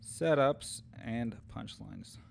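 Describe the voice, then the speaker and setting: A man's voice: mid-range voice, animated, slow pace, creaky, slight background noise. A man streaming as he tests AI story tools, chatting casually and thinking aloud with many fillers and restarts. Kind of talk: casual chat.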